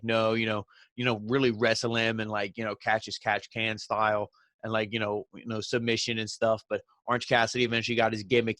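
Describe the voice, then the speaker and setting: A man's voice: fairly low pitch, a bit bright, no echo. A man casually recapping and reviewing a wrestling show, rambling with lots of fillers. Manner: loose, rambling, heavy on "you know" and "like".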